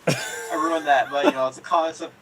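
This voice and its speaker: A man's voice: on the high side, steady tone, a little fast. A man telling improvised jokes in a rambling, self-correcting way. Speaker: improv player. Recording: distant mic, faint room noise.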